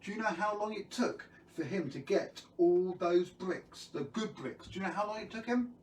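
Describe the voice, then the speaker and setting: A playful man hosts a live story time for children, cracking jokes and quizzing the viewers. His voice is slightly high. It echoes around the room from a distant mic, with a faint background hum. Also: animated, moderate pace.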